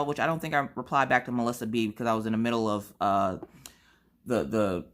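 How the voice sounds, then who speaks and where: Late at night at home, a mother vlogs to the camera, dramatically and animatedly recounting her family's day and frequently adding "okay?" Her pitch is extremely low, and the storytelling is casual.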